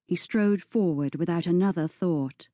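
A woman reading a story aloud as narrator, in a slow, even storytelling manner. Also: on the low side, no room sound. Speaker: audiobook narrator. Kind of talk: scripted narration.

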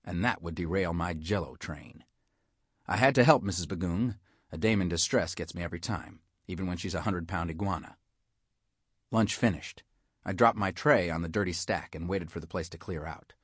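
A man's voice: sits low, moderate pace, slightly rough, dry recording, clean studio sound. A man reading a children's story in the first person as a wisecracking, hard-boiled detective. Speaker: audiobook narrator.

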